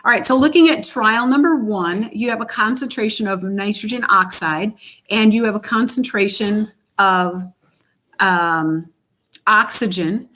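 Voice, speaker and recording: A woman's voice: mid-range voice, unhurried, pushed and bright, rough recording. A woman chemistry teacher giving an online class from home, explaining step by step with frequent ums. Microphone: home computer mic on a live stream.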